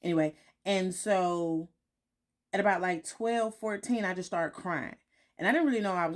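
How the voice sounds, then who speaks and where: In a lowish voice at normal speed, a woman shares candid reflections with her followers from home in the morning. She repeats herself often and keeps checking in with "right?" during this casual vlog.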